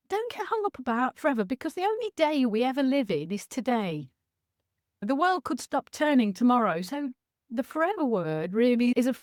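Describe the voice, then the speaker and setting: A woman in her sixties with a fairly high voice, speaking over a video call in a chatty, frank and animated way. The sound is dry and close, with no room around her. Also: dry recording. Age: 60s. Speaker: sobriety coach speaker. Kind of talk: casual talk on a video call.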